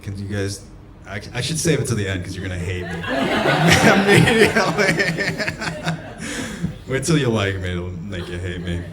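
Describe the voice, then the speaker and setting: A man performing a stand-up comedy set, telling a story and breaking into sudden shouts. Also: deep voice, fast talker, heavy background noise. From United States. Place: comedy club stage. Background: audience laughter.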